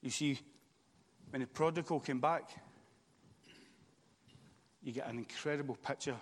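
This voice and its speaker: A man preaching a sermon in church, swinging from loud, impassioned calls to quiet, confiding stories. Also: medium pitch, measured pace, long reverb tail.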